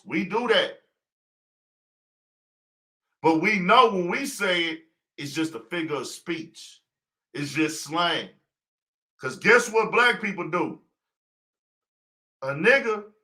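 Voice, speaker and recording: High, bright-voiced man preaching on a livestream. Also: expressive, a little slow, long pauses. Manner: preachy, rhetorical questions. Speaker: podcast host. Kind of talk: casual livestream commentary.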